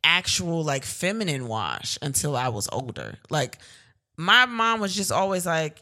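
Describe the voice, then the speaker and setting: A woman's voice: lowish voice, very animated, normal speed, pushed and bright. A young woman co-hosting a podcast, talking candidly in casual chat with lots of fillers. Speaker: podcast co-host.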